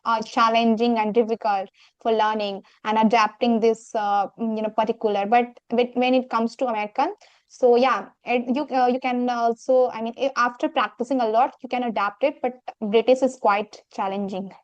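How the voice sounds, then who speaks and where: Woman chatting about english practice, smooth clear voice, kinda dull muffled audio. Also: on the high side, steady tone, moderate pace, dry recording. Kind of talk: casual English practice chat.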